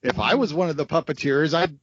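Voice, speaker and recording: A man's voice: a little high, a little fast, slightly rough, dull audio. A man appearing as a guest on a film podcast, chatting in a rambling way with restarts and many filler phrases. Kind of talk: casual chat.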